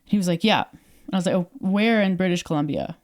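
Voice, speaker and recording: A woman's voice: on the low side, a little fast. A young adult woman from Canada, co-hosting a podcast and telling a story in casual chat, acting out quoted dialogue with lots of fillers. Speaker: podcast co-host.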